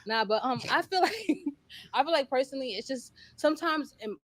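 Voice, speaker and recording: A woman's voice: sits high, animated, fairly quick, no echo. Confident woman guest, playful. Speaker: podcast guest. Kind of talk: casual group chat.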